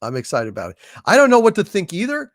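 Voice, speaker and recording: A man's voice: high-pitched, fast, no echo, clean studio sound. A man hosting a casual livestream, reading out viewer messages and chatting about them. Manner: reads viewer messages aloud, chatty and lively. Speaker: livestream host.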